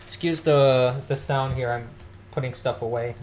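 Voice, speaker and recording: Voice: mid-range voice, brisk, slight background noise. A podcast host delivering a solo political commentary monologue, ranting and scoffing, now and then coughing. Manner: ranting, scoffing, mimics others mockingly. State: occasional coughing. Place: at home, moving about tidying.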